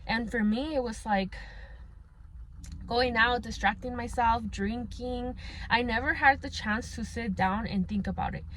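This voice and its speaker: A woman's voice: a little high, a little slow, a bit bright, a little hiss or hum. Candid young woman telling a personal story. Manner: casual and candid, mixing in Spanish, frequent fillers. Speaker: vlogger.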